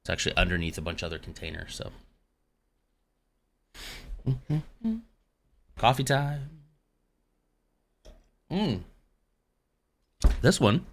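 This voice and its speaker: A man's voice: medium pitch, sing-song, takes it slowly, vocal fry, pauses often. A man hosting a casual live stream, rambling along between dad jokes. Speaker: livestream host.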